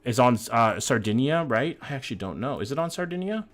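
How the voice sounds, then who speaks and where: A laid-back male streamer talks through his guesses and reads chat messages out loud. His speech is loose and joking, peppered with swearing, and now and then he breaks into hyped-up shouting. His pitch sits at an ordinary middle height. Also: a little fast. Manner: bursts of excited hype between calmer musing. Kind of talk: casual live-stream chat while playing a map-guessing game.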